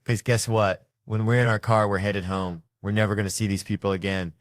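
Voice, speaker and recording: Deep-voiced man, profane comic storytelling. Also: brisk, no echo, studio quality. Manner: animated, profane, emphatic. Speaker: comedian. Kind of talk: stand-up storytelling and banter.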